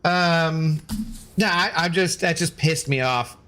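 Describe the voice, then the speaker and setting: A man's voice: on the high side, slow, pushed and bright. A young man streaming a game, chatting casually and ranting with exasperation, swearing freely. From United States. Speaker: gaming streamer. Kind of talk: casual live-stream commentary.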